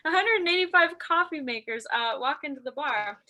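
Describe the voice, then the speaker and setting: Bright high-voiced woman, flustered and halting. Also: animated. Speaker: improv performer. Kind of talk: improvised joke telling. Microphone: video call.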